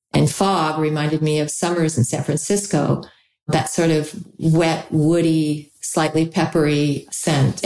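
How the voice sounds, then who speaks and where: A woman who founded a perfume brand, answering interview questions in a calm, measured, explanatory way. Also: low voice. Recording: echoey room.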